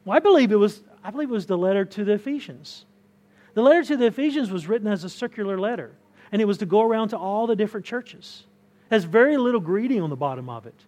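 Speaking fast and animated, a man with a high-sitting, darkish-toned voice preaches to his church congregation. The pastor's sermon in the church hall is conversational, full of restarted words and points pressed with growing emphasis.

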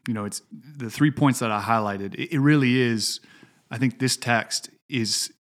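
Discussing his sermon informally, a middle-aged preacher works through a Bible passage in a medium-pitched voice at moderate speed. He often restarts and uses fillers as he thinks out loud.

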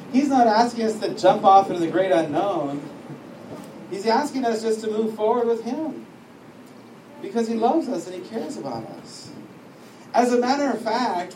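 A man giving an informal, chatty teaching talk to a class, wandering off on side stories and laughing often. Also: sits high. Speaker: teacher at a discipleship school. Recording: echoey room, distant mic, faint noise.

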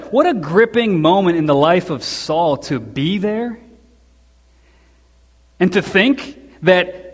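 A male preacher walks through a scripture passage in a relaxed, storytelling way, dropping in quick asides. His voice sits a little high for a man, and every phrase rings out in the long reverb of a large church hall. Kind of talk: expository sermon.

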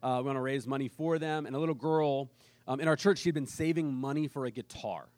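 Male pastor, conversational sermon delivery, lively quoted voices, dry recording. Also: mid-range voice, quick pace, no echo. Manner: casual storytelling with animated quoted voices.

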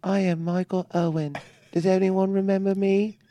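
A man's voice: sits high, little pitch movement, mellow, no echo, lightly acted. Man doing a mock English footballer voice. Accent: put-on English. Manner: joking, drawn-out put-on voice.

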